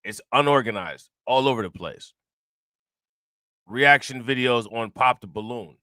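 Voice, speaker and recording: A man's voice: mid-range voice, a little slow, pushed and bright, no echo. A man hosting a casual commentary show, reacting to news clips and talking straight to his viewers in a loose, repetitive way. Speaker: commentary channel host.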